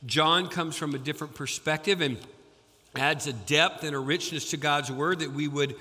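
Folksy pastor, sore throat, bright voice, long church reverb. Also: male voice, moderate pace. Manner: folksy, rises in pitch and volume reading scripture. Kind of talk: sermon. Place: church sanctuary.

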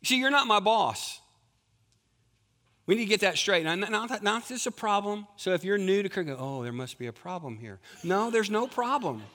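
A man's voice: high-pitched, expressive, moderate pace, bright, forceful tone. A middle-aged man preaching a sermon as lead pastor, conversational and full of rhetorical questions to the congregation.

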